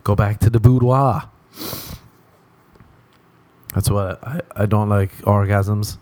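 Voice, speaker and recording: A man's voice: on the low side, fairly even intonation, slow pace, darkish tone, dry recording. A young man hosting a podcast, telling a profane, self-mocking comic monologue and acting out voices as he rambles. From Ireland. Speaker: podcast host.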